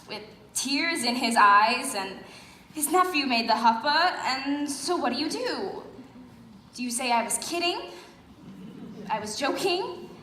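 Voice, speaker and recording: A woman's voice: sits high, fairly bright tone, a little hiss or hum, exaggerated voice. A woman playing a wistful record-loving narrator, confiding and musing to the audience in a stage play. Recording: echoey hall, live stage.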